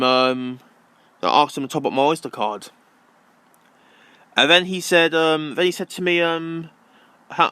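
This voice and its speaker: A man's voice: medium pitch, bright, forceful tone, smooth, no room sound. A young man ranting casually to camera, rambling and repeating himself with many ums. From London. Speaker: vlogger.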